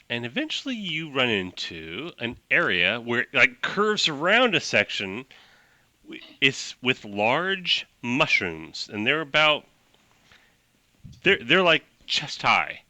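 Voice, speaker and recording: A man narrating a tabletop game as game master, animated and loose, with plenty of fillers. His voice leaps all over the place and sounds very bright and sharp. It is close and dry. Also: mid-range voice, dry recording.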